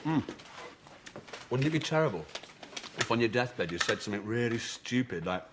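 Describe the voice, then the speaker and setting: An actor performs a sitcom role as a young-adult best man, a rambling clown jumping between jokes and goofy asides, amid loud audience laughter and background noise. His medium-pitched voice sounds natural and expressive at a normal speed.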